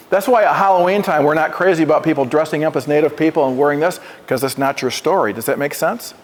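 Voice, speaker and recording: This high-pitched man talks fast, barely pausing, as he addresses a class in a reverberant school hall. Visiting as an Oneida presenter, he restarts his sentences haltingly, asks the room questions, and runs call-and-repeat drills.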